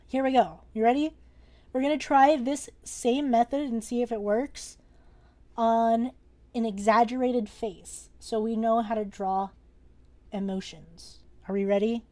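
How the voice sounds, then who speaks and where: Young woman, drawing lesson streamer, slightly high voice, playful, excitable, jokey, casual swearing. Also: unhurried.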